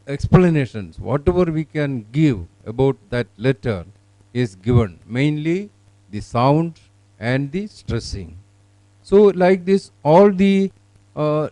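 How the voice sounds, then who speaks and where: A man walks through a piece of teaching software in a halting way, filling pauses with uh and um. His tone is mellow and unforced. The sound is dry and close. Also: mid-range voice, no room sound, poor audio. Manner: halting, many fillers. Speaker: software presenter. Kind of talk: product demonstration.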